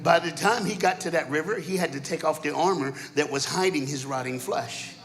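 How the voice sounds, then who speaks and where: A man preaching a sermon in a church, telling stories dramatically and acting out the characters, swinging between shouting and hushed asides. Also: on the high side, fairly quick. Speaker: guest preacher. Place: church auditorium. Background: keyboard music.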